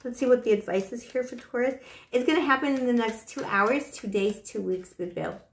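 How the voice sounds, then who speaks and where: This tarot reader's voice is a little high and fairly quick as she gives a casual reading to camera. Warm and chatty with fillers like "you know," she seems a bit short of breath, in a roomy-sounding space.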